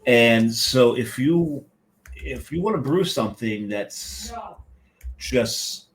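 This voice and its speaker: A man's voice: medium pitch, expressive, slight background noise. Rambling, joking male podcast co-host. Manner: rambling, joking, with filler pauses. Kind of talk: casual podcast chat.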